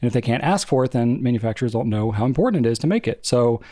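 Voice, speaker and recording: A man's voice: medium pitch, lively intonation, very fast, mellow, no echo, clean studio sound. A man co-hosting a podcast, chatting casually and thinking aloud with frequent restarts. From New England. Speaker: podcast co-host. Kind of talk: casual chat.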